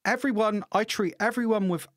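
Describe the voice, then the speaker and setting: A middle-aged man co-hosting a podcast, telling stories in an animated, swearing rant with lots of restarts. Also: high voice, brisk, no echo. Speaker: podcast co-host. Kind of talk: casual ranting chat.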